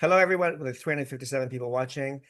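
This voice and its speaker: A man's voice: medium pitch, very fast, a bit bright. A man hosting a casual group video chat, chatty and reading out viewer comments. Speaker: livestream host. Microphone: video call.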